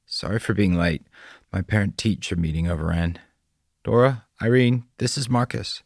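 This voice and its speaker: A man voicing a weary middle-aged father who speaks gently and reassuringly. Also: lowish voice, normal speed, vocal fry, no room sound, clean studio sound.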